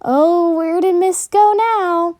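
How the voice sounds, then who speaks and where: A woman's voice: very high voice, steady tone, slow pace, darkish tone, voice pushed up. A woman voicing a grumpy male storm cat who growls and gets defensive.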